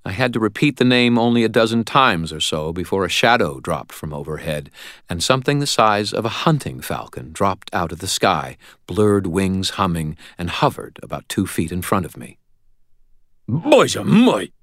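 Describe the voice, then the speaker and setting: A man's voice: sits low, expressive, normal speed, fairly bright tone, dry recording. A man reading a first-person audiobook narration in a wry, dry storytelling manner.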